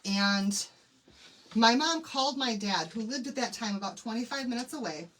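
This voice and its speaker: A middle-aged woman hosts a crafting livestream, telling a personal story in an emotional, chatty way and calling her viewers y'all during a live tutorial. Her fairly bright voice is on the high side, with lively intonation, a moderate pace, and faint background noise.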